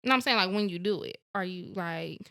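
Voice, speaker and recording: A woman co-hosting a podcast in a loose, casual chat. Her voice is bright and carries, often jumping louder as she laughs. She acts out little quoted scenes in other voices. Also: lowish voice, brisk. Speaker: podcast co-host.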